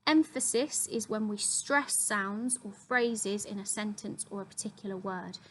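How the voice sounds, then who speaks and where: A woman's voice: mid-range voice, measured pace, slight background noise, rough recording. A young woman, a drama teacher, steadily explaining acting terms to her students with frequent ums. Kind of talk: classroom explainer video.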